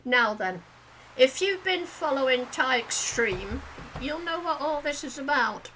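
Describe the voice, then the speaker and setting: A woman's voice: high-pitched, lively intonation, slow pace, a bit bright, a little hiss or hum, poor audio. A woman co-hosting a casual game livestream, chatting and thinking aloud as she addresses viewers. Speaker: livestream co-host.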